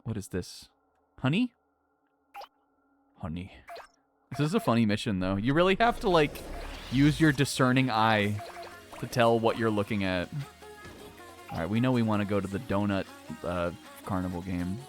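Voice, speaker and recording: Excitable rambling man streaming a game. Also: on the low side, normal speed, pauses often. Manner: rambling, excitable, swears often, laughs a lot. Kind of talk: casual game commentary. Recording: faint game music behind.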